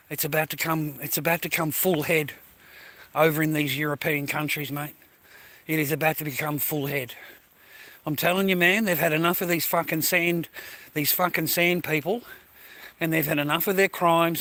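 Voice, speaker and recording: A man's voice: on the high side, sharp tone, dry recording. Rambling, crude Australian man vlogging. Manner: rambling, crude and chatty, full of fillers like "mate" and "you know". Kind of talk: rambling casual vlog. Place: outdoors, walking through a neighbourhood.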